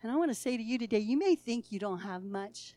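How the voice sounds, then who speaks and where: A woman's voice: fairly high pitch, lively intonation, fast, no echo, faint music behind. Woman preaching with big dramatic swings. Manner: dramatic storytelling, acting out voices, swings from hushed to loud; folksy, laughing, colloquial. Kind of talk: sermon.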